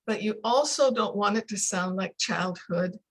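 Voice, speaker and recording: An older woman, a speech coach, explaining pronunciation in a casual interview over a video call, slowing down to demonstrate sounds. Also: mid-range voice, low-quality recording. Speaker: accent coach.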